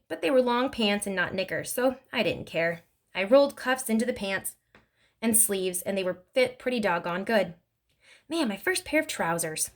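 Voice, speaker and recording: Woman reading a novel aloud. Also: medium pitch. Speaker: reader.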